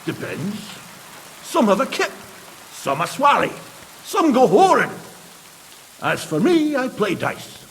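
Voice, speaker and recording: A cheerful miner, easygoing and full of slang. His voice is high and lively, with much rise and fall. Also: takes it slowly, pauses often, exaggerated voice. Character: chatty, cheerful male miner, middle-aged.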